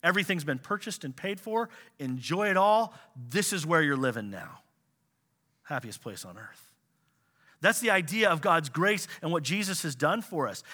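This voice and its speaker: A man preaching a sermon, animated, swinging between loud exclamations and quiet asides. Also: on the high side. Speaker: pastor.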